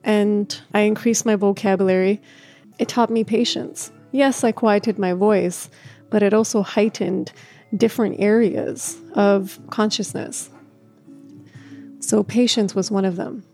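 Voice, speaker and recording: Woman who stutters, candid and reflective, mellow tone over faint music. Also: medium pitch, steady tone, a little slow. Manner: stutters, with repeated words and restarts; laughs often, speaks in a gentle, reflective way. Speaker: speaker sharing a personal story. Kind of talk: reflective personal talk.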